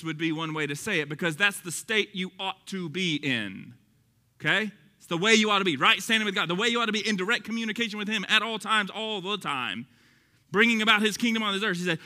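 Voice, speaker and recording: A man's voice: high voice, animated, fairly quick, pushed and bright, in a large hall. A man with a Texas accent preaching a sermon as pastor, in a passionate, conversational way that rises in emphasis. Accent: Texan.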